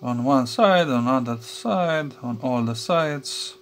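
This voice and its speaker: At his workbench, an electronics vlogger with a mid-range voice offers casual commentary on a soldering job amid slight background noise. The talk is halting and riddled with fillers and restarts, and he chuckles to himself.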